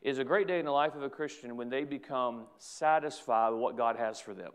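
A man's voice: medium pitch, a little fast, clear, resonant tone. A middle-aged man, a pastor, preaching an emphatic sermon and repeating phrases for stress.

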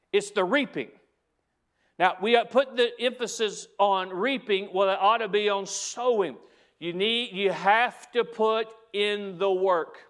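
High-voiced pastor preaching emphatically. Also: male voice, a bit bright. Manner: emphatic, repeats key phrases; addresses the congregation directly. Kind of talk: sermon.

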